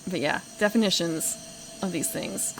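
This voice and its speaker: A woman's voice: lowish voice, moderate pace, gravelly, a little hiss or hum, low-quality recording. Rambling young woman game streamer. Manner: rambling and self-correcting, with frequent laughs and swearing. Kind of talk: casual game commentary.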